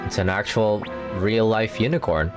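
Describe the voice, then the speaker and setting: A man playing through a game and talking casually, puzzled and rambling. His voice sits low. Game music plays steadily behind. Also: moderate pace. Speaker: gaming streamer. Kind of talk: casual let's play commentary.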